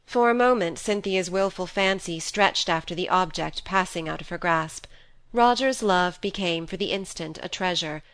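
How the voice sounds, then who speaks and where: A woman narrates a classic novel in a measured, even voice. Her pitch sits in the middle of the range. It is an audiobook reading. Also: clear, resonant tone.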